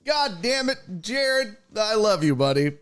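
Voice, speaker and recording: A man hosting a live sports talk stream, excitable and profane, greeting chat viewers by name and laughing often. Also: sits high, a little slow, clean tone. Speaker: sports talk show host.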